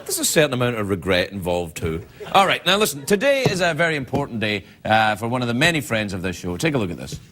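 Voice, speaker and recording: Animated joking man hosting a late-night show. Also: medium pitch, quick pace, hardly any pauses, over music. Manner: rambling, joking, slips into comic voices. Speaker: host. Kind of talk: late-night comedy monologue. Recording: studio with loud audience.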